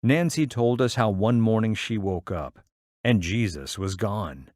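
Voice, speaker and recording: A man reading a short story aloud in measured, even storytelling. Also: fairly low pitch, no echo, clean studio sound. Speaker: story reader.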